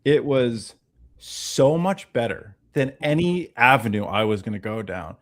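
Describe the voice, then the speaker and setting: A man's voice: mid-range voice, measured pace. A man in casual conversation, telling a story with swearing and quoted dialogue. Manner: animated storyteller, acts out dialogue, swears freely. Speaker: podcast guest.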